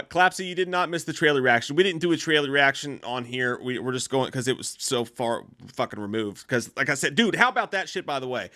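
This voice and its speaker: A man co-hosting a casual movie-trailer chat, animated and profane, laughing often. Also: a little high, dry recording, clean studio sound. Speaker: co-host.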